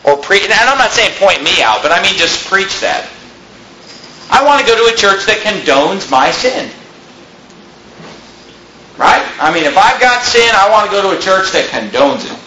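Male pastor, high bright voice, animated sermon delivery in an echoey hall. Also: normal speed, pauses often, slight background noise. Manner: animated preaching, mimics people in quotes.

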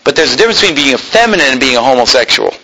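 A man's voice: mid-range voice, big pitch swings, very fast, sharp tone, breathy edge, poor audio. A pastor preaching a sermon from the pulpit in an emphatic style, firing rhetorical questions at his congregation. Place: church pulpit.

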